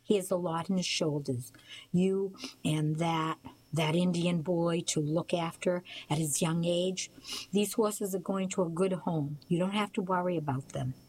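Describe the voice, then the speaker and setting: A woman reading aloud the lines of a gruff, menacing old man in a storybook, with little change from her own voice, slightly husky. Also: on the low side, fairly even intonation, measured pace, darkish tone, no echo, poor audio. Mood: coaxing. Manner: read aloud, lightly voiced.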